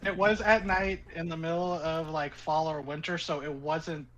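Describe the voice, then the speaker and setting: A man's voice: fairly high pitch, normal speed, lo-fi sound. A man narrating as game master of a tabletop game, telling a rambling story full of "like" and acted-out quotes. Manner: rambling, animated storyteller with frequent "like".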